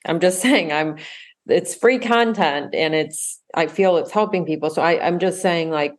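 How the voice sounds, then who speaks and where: A woman's voice: on the low side, normal speed. A woman hosting a podcast who talks eagerly and rambles, often restarting her sentences. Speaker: podcast host. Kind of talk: casual chat.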